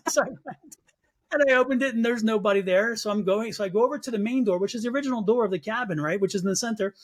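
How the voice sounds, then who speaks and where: A man with a notably high speaking voice shares a personal spiritual story as an interview guest. He acts out his own past reactions with animation. He restarts often, repeating words as he goes. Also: fast talker. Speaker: psychic medium guest.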